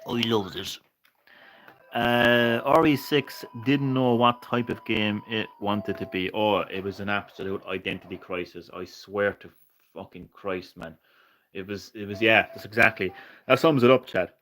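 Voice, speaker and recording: A man streaming retro games live, ranting and swearing with bursts of excitement and laughter. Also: lowish voice, normal speed, slight background noise, poor audio. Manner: ranting, profane, excitable, laughs at own jokes. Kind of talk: casual live-stream chat.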